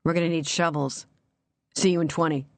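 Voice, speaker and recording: A determined female investigator, voiced by a woman narrator, brisk and steady. Her words come out short and businesslike. Part of an audiobook reading. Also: deep voice, dry recording.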